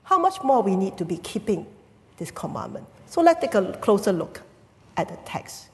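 A woman's voice: mid-range voice, very animated, moderate pace, darkish tone. A woman from Singapore preaching a sermon, explaining the Greek words of the text and asking the congregation rhetorical questions. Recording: long reverb of a church hall.

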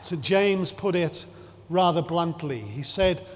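A man preaching a sermon in a measured, emphatic way, drawing out his phrases and stressing key words. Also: on the high side, animated. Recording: long hall reverb.

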